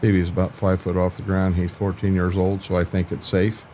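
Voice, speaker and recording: A man's voice: low voice, flat delivery, brisk, a little mellow, a little hiss or hum. An older man chatting casually on a live stream about farming games, laid-back and folksy, often stumbling and repeating words.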